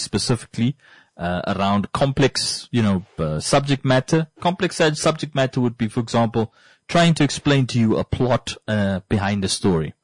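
A man talks to his listeners in a loose, rambling monologue. He leans on emphatic repetition to drive points home. His voice sits at an ordinary pitch and is recorded dry and close. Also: dry recording. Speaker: podcast host. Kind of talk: casual monologue.

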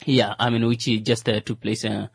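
A man's voice: on the low side, flat delivery, moderate pace, creaky, breathy edge, dry recording. A man in a casual discussion, talking hesitantly with many fillers and restarts.

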